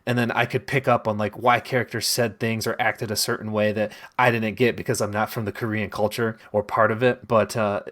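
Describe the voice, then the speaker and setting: A man's voice: fairly low pitch, flat delivery, brisk, few pauses, fairly bright tone. Chatty man hosting a podcast. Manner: talkative, recommends with filler words. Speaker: podcast host. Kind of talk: casual chat.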